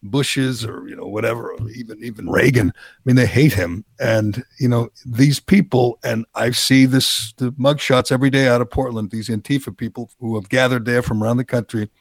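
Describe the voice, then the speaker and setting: Gravelly, sarcastic talk show host. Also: male voice, medium pitch, fairly even intonation, normal speed, no echo. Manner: sarcastic, riffing with restarts. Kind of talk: political talk show banter.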